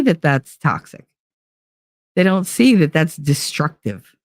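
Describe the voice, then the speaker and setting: A woman's voice: low voice, big pitch swings, slow pace, no echo, studio quality. A woman hosting a podcast, talking in a casual monologue with blunt, profane emphasis. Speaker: podcast host.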